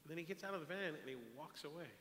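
A man preaching a sermon, telling a story in an animated way and repeating words as he goes. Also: a little high, rapid-fire. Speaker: pastor. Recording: echoey hall, long reverb, faint hiss.

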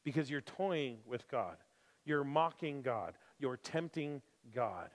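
A man preaching a sermon who moves from calm scripture reading to impassioned, emphatic preaching with repeated phrases. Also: medium pitch, takes it slowly. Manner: emphatic repetition. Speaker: pastor. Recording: long hall reverb.

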